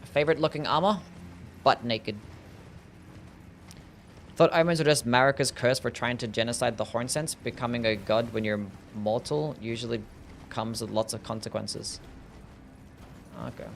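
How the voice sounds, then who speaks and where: A man's voice: mid-range voice, steady tone, normal speed, vocal fry, pauses often, a little hiss or hum. Laid-back young male streamer. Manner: laid-back, swears, reads chat. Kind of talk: casual gameplay commentary.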